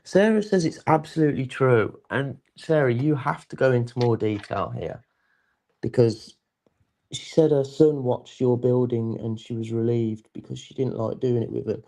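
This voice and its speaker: Man, stream co-host, dry laid-back remarks, reads chat aloud, mid pitch. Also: moderate pace, creaky, mellow. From Wales. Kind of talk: casual chat.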